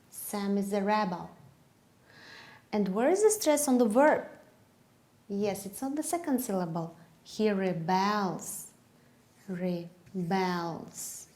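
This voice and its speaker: A woman with a Kyrgyz accent, a teacher trainer giving a methodology lesson to English teachers, speaking slowly and carefully and stretching words to show their stress. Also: mid-range voice, warm tone.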